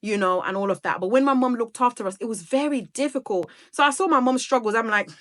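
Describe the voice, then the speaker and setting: A woman's voice: fairly high pitch, fast, a bit bright. A talkative woman in her thirties from Sierra Leone, chatting casually and rambling to her viewers in a vlog. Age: 30s. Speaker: vlogger. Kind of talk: casual chat to camera.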